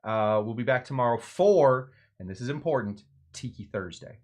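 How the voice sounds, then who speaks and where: A man's voice: mid-range voice, lively intonation, moderate pace. A man hosting a live cocktail show in a casual, rambling way, full of fillers and restarts, poking fun at himself. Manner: rambling, self-mocking, with frequent fillers and restarts. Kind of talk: casual live-stream chat.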